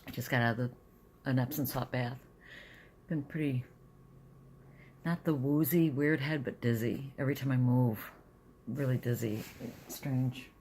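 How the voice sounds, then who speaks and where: A woman's voice: rumbling low, fairly even intonation, unhurried, pauses often, a little mellow, a little hiss or hum. A middle-aged woman talking casually in a home vlog, rambling with restarts. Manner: rambling, chatty, restarts often. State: dizzy and close to tears. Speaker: vlogger.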